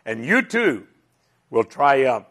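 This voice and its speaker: A man teaching a Bible lesson as a sermon, earnest and measured, his voice dropping to a hush and then rising to fervent emphasis. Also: mid-range voice, very animated. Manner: slow, earnest, swells from hushed to fervent.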